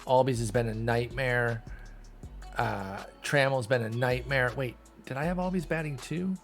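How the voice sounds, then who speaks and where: Guy doing quick casual play-by-play on a sim game, mid pitch, faint music under it. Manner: animated, quick call-outs, self-deprecating laughs. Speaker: gaming YouTuber.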